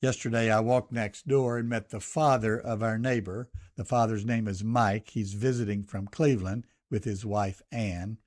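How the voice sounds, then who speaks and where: Older Southern man, measured radio commentary. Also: fairly low pitch, steady tone, a little mellow. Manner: measured, listing cadence. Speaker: radio host. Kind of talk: reflective radio commentary with prayer.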